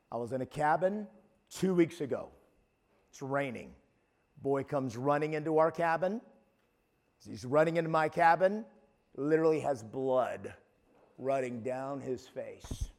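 A man's voice: medium pitch, unhurried, creaky, pauses often, darkish tone. A man preaching a sermon as pastor, emphatic, often restarting and repeating his words.

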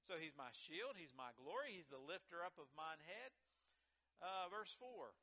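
A middle-aged male pastor preaching a sermon in a folksy way, with self-deprecating asides, swinging between loud emphasis and hushed remarks. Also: high voice, sing-song, measured pace.

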